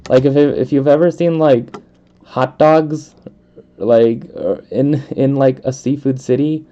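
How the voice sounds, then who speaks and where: Through a dull lo-fi microphone, a young man from the United States hosts a let's play, talking casually as he games. His voice is medium-pitched and warm and takes it slowly, rambling with many fillers and laughs.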